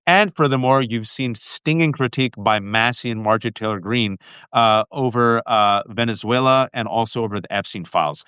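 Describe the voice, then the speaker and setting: A man hosting a political talk show, speaking with passion in quick bursts and calling his viewers folks. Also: mid-range voice, sharp tone, clear, resonant tone, no echo. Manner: impassioned, fast bursts, addresses viewers as folks. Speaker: podcast host.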